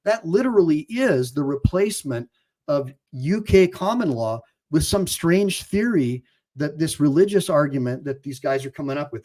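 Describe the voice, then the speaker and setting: A male attorney delivers opinionated reaction commentary in a fairly high voice. He is heated and emphatic and often restarts or repeats words as he pushes his point. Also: a little mellow. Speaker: attorney hosting a reaction channel.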